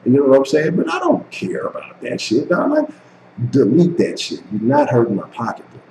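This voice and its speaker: A man's voice: mid-range voice, wildly swooping pitch, moderate pace, a little mellow, reverberant, slight background noise, rough recording. A man hosting a sports channel live stream, ranting profanely and slangily at his chat. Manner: profane, heated, talks to chat; slangy, keeps saying dog.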